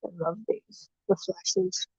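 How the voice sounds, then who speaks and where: A woman's voice: slow pace, darkish tone, no echo, dull audio. A woman streaming casually while tending her fish tanks, chatty and self-deprecating, cooing to her fish. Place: home room with fish tanks.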